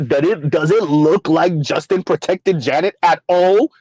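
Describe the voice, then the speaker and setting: A man's voice: a little high, normal speed, hardly any pauses, darkish tone, dry recording, poor audio. A man hosting his own channel, ranting in a blunt, profane commentary with rhetorical questions. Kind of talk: casual commentary rant.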